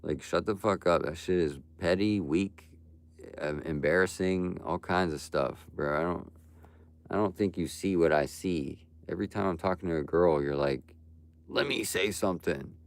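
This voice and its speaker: Young male streamer, very deep and gravelly, profane ranting at chat. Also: moderate pace. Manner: ranting, blunt and profane, frequent "bro" and "like". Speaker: livestreamer. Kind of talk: live stream talk to chat.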